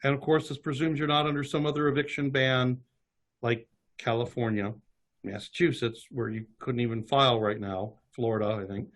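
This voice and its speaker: A man's voice: mid-range voice, fairly even intonation, normal speed. Man talking through eviction rules. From Kentucky. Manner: reads legal text aloud with asides. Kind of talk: casual webinar talk.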